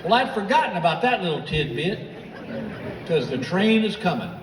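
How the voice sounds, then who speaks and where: On a large theater stage, a high-pitched American comic delivers long, animated stories at a moderate pace, playing out each character. Captured from the crowd through the PA, the sound is distant and echoey, with laughter and background noise.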